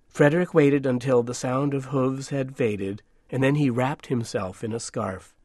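A man narrating a storybook in a measured, hushed, gentle way. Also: mid-range voice, no room sound, clean studio sound.

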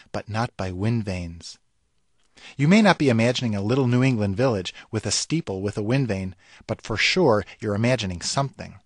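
A man's voice: mid-range voice, no echo. Wry man reading a dry essay. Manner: wry, measured, savoring the words. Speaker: writer giving a radio commentary. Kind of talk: scripted radio essay.

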